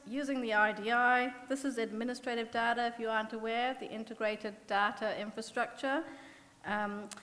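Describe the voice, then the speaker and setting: A woman's voice: medium pitch, fairly bright tone. A woman with a New Zealand accent, an economist giving a conference talk, earnest and self-deprecating, with many fillers and restarts. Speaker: symposium panel speaker, economist. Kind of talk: conference presentation. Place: conference hall. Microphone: podium mic. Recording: long reverb from a hall.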